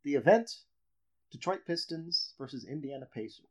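A man's voice: a little high, moderate pace, slightly rough. A man hosting a casual sports podcast chat, telling a story with dramatic build-up. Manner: animated storyteller, builds up reveals. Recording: dull lo-fi audio.

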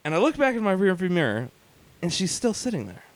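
A man, co-hosting a podcast, telling profane stories in an animated way with laughter. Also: high voice, fast. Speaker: podcast co-host. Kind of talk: casual chat, storytelling.

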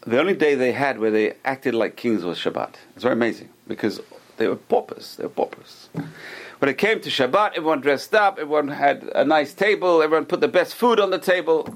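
Lively storytelling rabbi, gravelly voice. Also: male voice, a little high, brisk. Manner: animated storyteller, acts out quoted people; repeats and restarts phrases. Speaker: rabbi teaching a class. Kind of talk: Torah class with told stories.

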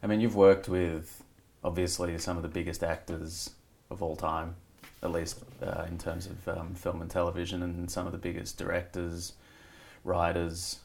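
Gravelly, flat-voiced male interviewer. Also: low-pitched, slight background noise. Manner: measured questions with fillers. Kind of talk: podcast interview.

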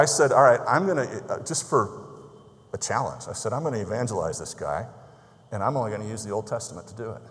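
Guy preaching a sermon, tells a story then goes quiet and solemn, echoey church hall. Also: mid-range voice. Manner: storytelling, grows quiet and solemn, ends in prayer. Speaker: pastor.

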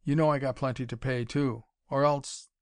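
A man voicing a blunt, menacing male gang boss who rumbles his threats. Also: fairly even intonation, moderate pace, clear, resonant tone, no room sound, clean studio sound, lightly acted. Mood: threatening.

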